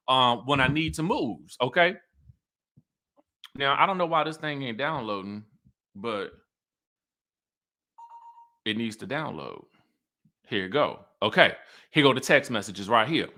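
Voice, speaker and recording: A man hosting a casual recap, chatting in an animated way and laughing often. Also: mid-range voice. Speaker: YouTube recap host. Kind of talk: casual reality TV recap commentary.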